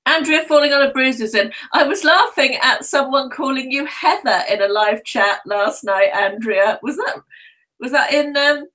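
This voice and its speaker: Woman on a home video stream, reads out names, bright friendly voice. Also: sits high, moderate pace, low-quality recording. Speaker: co-host of a live stream. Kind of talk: casual chat.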